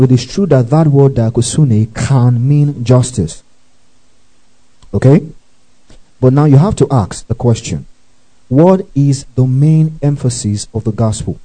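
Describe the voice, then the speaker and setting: A man's voice: medium pitch, dark tone, low-quality recording. A man preaching a teaching sermon, reading scripture with asides, often asking if listeners follow and breaking into praise exclamations. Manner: reads scripture aloud with asides.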